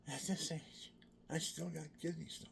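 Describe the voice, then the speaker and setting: A man in his sixties telling a rambling personal story, drifting between whispered asides and loud exclamations. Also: on the high side, steady tone, normal speed, creaky, a little hiss or hum. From Pennsylvania, USA. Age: 60s.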